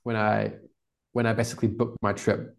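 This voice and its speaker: A man's voice: on the low side, moderate pace, creaky. Man with a New Zealand accent. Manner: relaxed, rambling, laughs often. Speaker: podcast guest. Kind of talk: casual storytelling interview.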